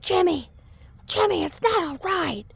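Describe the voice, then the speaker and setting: A woman's voice: extremely high pitch, animated, unhurried, gravelly, dry recording, voice pushed up, full character voice. A woman putting on the voice of a panicked young mother who screams and whines for her husband. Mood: panicked wailing. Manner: screaming, whiny, repeating a name.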